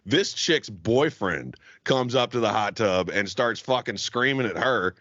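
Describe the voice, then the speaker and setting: Podcast co-host, young man, low voice, bright and forceful, dull lo-fi sound, profane rambling storyteller. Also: expressive, measured pace, no room sound. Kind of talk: casual storytelling chat.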